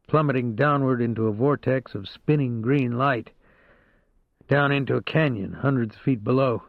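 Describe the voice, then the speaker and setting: A man narrating a first-person crime novel in a steady, measured way. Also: medium pitch, no echo. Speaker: audiobook narrator. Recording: dry, narrow phone-like sound.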